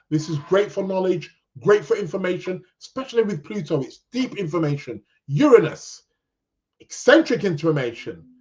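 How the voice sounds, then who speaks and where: A man chats his way through an astrology podcast, wandering off topic and chuckling as he goes. His voice sits a little high, and it comes through a dull, lo-fi recording. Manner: rambling, chuckling, lots of fillers and restarts. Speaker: podcast host. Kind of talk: casual astrology podcast chat.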